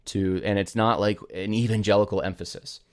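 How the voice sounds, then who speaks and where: A man's voice: fairly low pitch, fairly even intonation, brisk. Emphatic man with rhetorical retorts. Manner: rhetorical and emphatic, full of "how about" retorts; thinks aloud with many restarts and digressions. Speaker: podcast host. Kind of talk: opinionated commentary.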